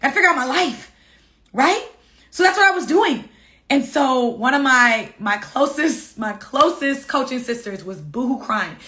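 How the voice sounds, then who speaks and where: A woman author and coach telling viewers her own story in a casual, animated, emphatic way, swearing freely. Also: sits high, a little slow.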